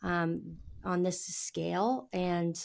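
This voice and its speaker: Earnest woman with a low voice. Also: drawn-out words, gravelly, darkish tone. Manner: earnest, with small laughs while talking. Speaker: podcast guest. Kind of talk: earnest interview conversation.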